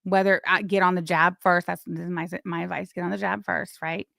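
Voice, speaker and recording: A woman hosting a live stream, giving casual gossip commentary in a blunt, crude way with sudden loud, excited bursts. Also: on the low side, fairly quick, creaky, dry recording, studio quality. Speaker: livestream host.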